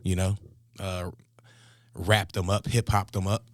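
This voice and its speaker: A man hosting a music reaction show in casual chat, laid-back and chuckling, giving shout-outs. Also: low-pitched, flat delivery, measured pace, dry recording, clean studio sound.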